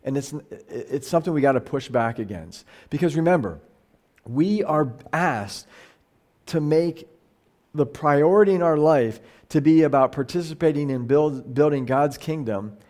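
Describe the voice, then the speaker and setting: A man's voice: fairly high pitch, animated, a little slow, darkish tone. A middle-aged man teaching a Bible study as a pastor, talking casually and animatedly, with frequent restarts and quoted voices acted out. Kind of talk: casual conversational sermon.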